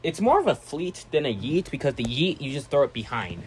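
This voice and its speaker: A man chatting casually as a vlogger, excitable and rambling, with restarts and sudden loud outbursts. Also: mid-range voice, a little fast, noisy background. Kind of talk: casual vlog chat.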